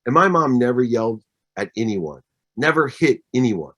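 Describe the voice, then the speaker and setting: A man's voice: medium pitch, big pitch swings, normal speed, fairly bright tone. A man in his fifties giving a motivational talk as guest speaker, emphatic and repeating his points in threes. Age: 50s. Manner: emphatic, repeats phrases in triplets. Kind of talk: motivational speech.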